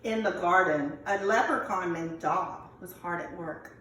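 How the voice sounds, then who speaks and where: A woman's voice: lowish voice, unhurried, a bit bright, a little hiss or hum. A woman teacher with an American accent, reading a picture book aloud to her class in an upbeat, encouraging way. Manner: upbeat, encouraging, self-correcting. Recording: echoey classroom from far off.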